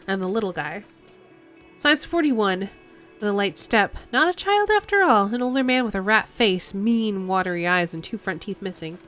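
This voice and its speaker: A woman streamer narrates a video game in a quiet, reflective voice of middling pitch. She reads the text at an easy pace and adds her own remarks now and then. Faint music plays underneath. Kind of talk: reading a video game aloud.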